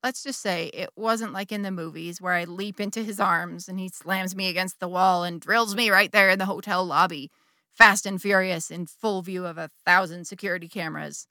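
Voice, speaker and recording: A woman's voice: on the low side, steady tone, moderate pace, pushed and bright, dry recording, studio quality. An actress playing a middle-aged churchgoing wife who confesses an affair to her bishop, wry and candid, with sudden bursts of feeling. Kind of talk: dramatic monologue.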